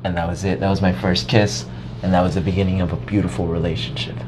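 A young man telling a high school story in casual chat, animated, swearing often and acting out his past self. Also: fast talker, background noise.

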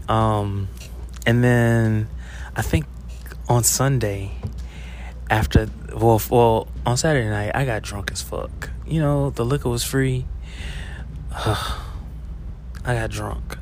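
A man's voice: mid-range voice, slow pace, long pauses, a little hiss or hum. A man, a teacher on his break, telling a personal story in a casual confessional monologue, chatty, full of fillers and laughs, swearing freely. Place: school, on a break.

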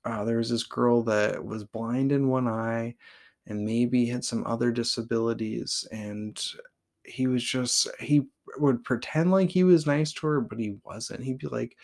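A man's voice: mid-range voice, moderate pace, vocal fry, darkish tone. A man in his thirties from Oregon hosting a podcast, telling personal stories in a rambling, blunt way and saying "like" constantly. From Oregon, USA. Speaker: podcast host. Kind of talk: casual personal storytelling.

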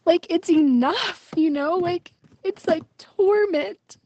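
A woman's voice: extremely high pitch, expressive, slow, a little mellow, no echo, highs cut off. A young woman venting her frustration in a personal video diary, emotional and full of fillers. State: pregnant. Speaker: vlogger.

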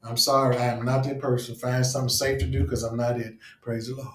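A man's voice: medium pitch, little pitch movement. Fiery man preaching, far from the mic. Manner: call-and-response preaching, stretches key phrases slowly. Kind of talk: sermon. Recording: roomy sound, voice off-mic.

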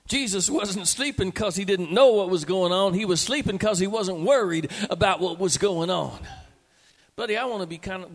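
A man preaching a sermon to his church, rising to loud emphatic peaks. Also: sits high. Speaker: pastor. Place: church sanctuary. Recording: long reverb of a church hall.

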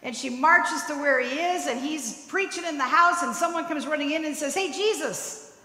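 Woman preacher with a high, bright voice who tells stories and checks in with "right?", heard in a reverberant hall. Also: brisk. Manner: storytelling, tagging points with "right?". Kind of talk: sermon. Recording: echoey hall with long reverb.

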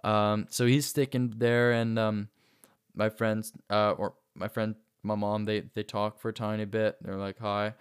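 A man's voice: fairly low pitch, little pitch movement, a little slow, clear, resonant tone. A young man casually telling a personal story, rambling with many fillers and restarts. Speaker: vlogger.

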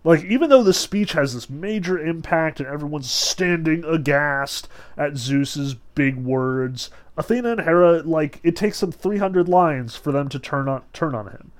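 A man's voice: a little high, animated, a little slow, few pauses. A man giving a casual literature lecture, talking conversationally with frequent "like" and "um" fillers. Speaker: literature teacher.

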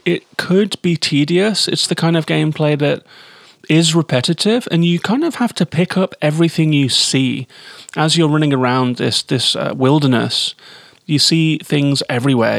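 A man's voice: a little high, gravelly, no echo, studio quality. A man giving a chatty, enthusiastic spoken game review.

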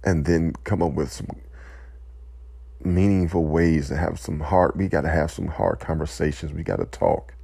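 A man giving an impassioned, emotional speech, weary and close to tears, pausing to collect himself. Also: a bass voice, gravelly, dark tone, husky, no echo. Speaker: speaker addressing listeners.

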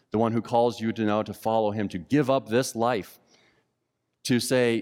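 A man preaching a sermon who acts out the indignant voices of the crowds with lively emphasis. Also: fairly low pitch, moderate pace, in a large hall. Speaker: pastor.

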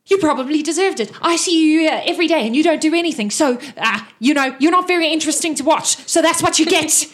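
A woman voicing an excitable, chatty male half-elf gatekeeper who gasps and babbles in a tabletop game. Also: fairly high pitch, breathy edge. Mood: excited. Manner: gasping, babbling, fast and eager.

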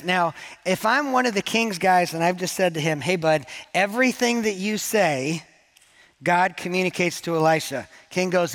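A man's voice: high voice, expressive, normal speed, fairly bright tone. A man preaching a sermon to his church in a conversational, joking way, acting out the quoted lines. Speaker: pastor.

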